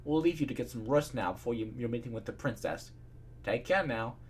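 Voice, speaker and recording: A man reading fan fiction aloud, voicing a kind and slightly nervous male pony doctor in a higher, polite voice. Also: fairly quick, slight background noise, close to an everyday voice.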